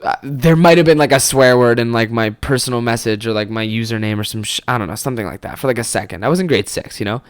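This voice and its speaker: A man's voice: medium pitch, quick pace, hardly any pauses. Rambling, foul-mouthed young man telling stories. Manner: rambling, swears freely, many fillers. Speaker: podcast host. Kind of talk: casual storytelling.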